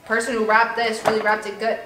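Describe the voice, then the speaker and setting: A young woman vlogging at home, gushing and bubbly, with plenty of "like" and excited gasps. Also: on the high side. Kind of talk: excited casual vlog. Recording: echoey room, faint music.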